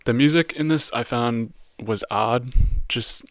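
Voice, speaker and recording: A man's voice: medium pitch, takes it slowly, no room sound. A man hosting a podcast, giving a casual, slangy movie review monologue full of "like". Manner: casual, heavy use of "like" and slang. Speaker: podcast host reviewing a film.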